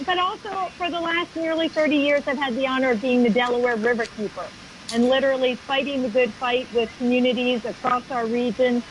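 A woman with a high-pitched voice, appearing on a talk show over a remote call, explains her advocacy earnestly and at length, fluent though with restarts, in casual interview talk. The audio is poor, with a little hiss or hum.

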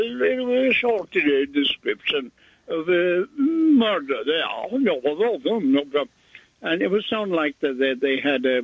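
An older man hosting a radio show, telling a rambling story in halting casual chat. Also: fairly high pitch, husky, no room sound. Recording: tinny phone-line radio audio.

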